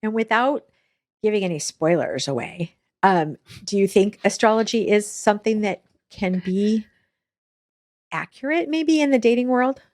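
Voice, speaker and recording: A woman interviewing a guest in a casual chat. She is friendly, laughs along, and asks gentle follow-up questions. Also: medium pitch, expressive, moderate pace, dry recording, clean studio sound.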